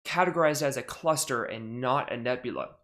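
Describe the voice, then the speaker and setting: With a mid-range, slightly bright voice and a fairly quick pace, a young man hosts a charity live-stream podcast. His astronomy talk is chatty and rambling, with frequent self-corrections.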